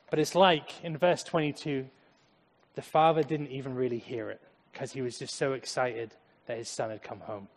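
Brief: male pastor, sermon, dramatic swings between loud and hushed, echoing church hall. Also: on the high side, moderate pace. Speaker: preacher. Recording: echoey hall.

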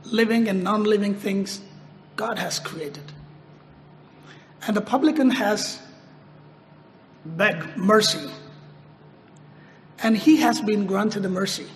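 A preacher delivers a sermon in a high voice, slow and taking his time over each phrase with long pauses. He repeats points for emphasis and raises his voice when quoting a prayer, while the hall echoes at length over faint room noise.

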